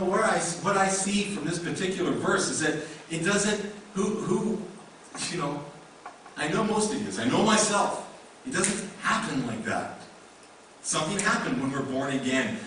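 A man's voice: on the high side, fairly bright tone, a little hiss or hum. A male pastor preaching a sermon in a conversational way, with many rhetorical questions. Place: church sanctuary. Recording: echoey room mic from a distance.

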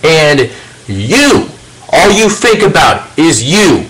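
A man's voice: a little high, very animated, takes it slowly, fairly bright tone, poor audio. A man delivering an angry, profanity-filled rant to camera, confronting a rival directly. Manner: confrontational, swears heavily, addresses a rival directly. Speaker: video channel host.

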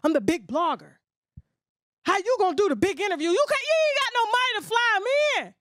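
A woman's voice: extremely high pitch, lively intonation, a little fast, fairly bright tone, no room sound, clean studio sound. A woman blogger delivering a blunt, profane rant, mockingly mimicking other people. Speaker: gossip blogger. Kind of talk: ranting monologue.

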